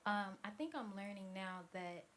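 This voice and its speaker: Hoarse young woman answering openly. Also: medium pitch, animated, normal speed, slight background noise. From Cincinnati. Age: 20s. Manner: warm, open and reflective. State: hoarse, has lost her voice. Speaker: guest musician. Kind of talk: live interview answers.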